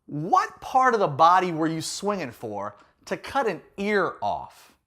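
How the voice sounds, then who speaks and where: A man's voice: fairly high pitch, wildly swooping pitch, a little slow, a bit bright. A man giving a playful, jokey youth talk as a youth pastor.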